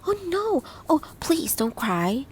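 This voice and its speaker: A woman narrator voicing a frank, caring young woman friend who speaks briskly and earnestly in an audiobook. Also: medium pitch, animated, gravelly, darkish tone, slight background noise.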